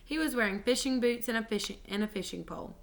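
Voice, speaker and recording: A woman reading a children's book aloud, expressive and animated, with small slips and restarts. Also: a little high, fast. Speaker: reader.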